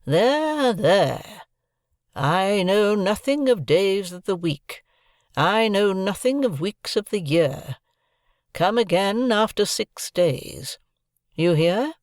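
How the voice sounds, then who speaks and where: A man voicing a brooding, imperious old woman recluse in an audiobook, drawing out each word slowly and commandingly. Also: high voice, sing-song, creaky, no room sound, clean studio sound, pitched above the performer's own voice, full character voice. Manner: slow, drawn-out, commanding speech.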